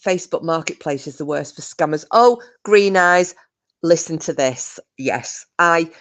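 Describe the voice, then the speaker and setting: British woman, low voice, casual live chat, rambling, lots of fillers and restarts. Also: a little slow. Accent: British English. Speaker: livestream host. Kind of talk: casual live chat reading viewer comments.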